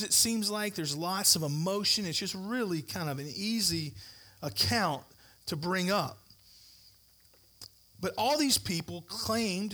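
A man preaching an Easter sermon in a church, conversational and animated, with stories and asides. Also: on the high side. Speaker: pastor.

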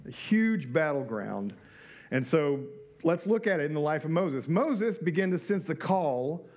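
A middle-aged male pastor delivers a sermon in a relaxed, conversational manner. His voice sits a bit high for a man. He throws rhetorical questions at the listeners and slips in dry, joking asides.

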